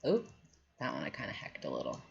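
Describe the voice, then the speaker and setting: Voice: low voice, huge pitch swings, fast talker, vocal fry. A workshop instructor giving a live drawing tutorial, rambling and self-deprecating, with lots of fillers. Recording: muffled lo-fi stream audio.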